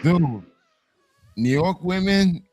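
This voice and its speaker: Animated man in dry studio chat. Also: high voice, slow, no room sound. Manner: animated, swearing, repeats himself. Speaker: podcast co-host. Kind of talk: casual chat.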